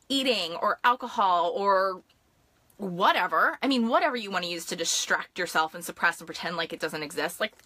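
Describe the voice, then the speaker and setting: Hyped-up woman coach talking fast. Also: medium pitch, pushed and bright, no echo. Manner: chatty, with frequent fillers and asides to viewers. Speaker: life and business coach. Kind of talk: live-stream talk to viewers.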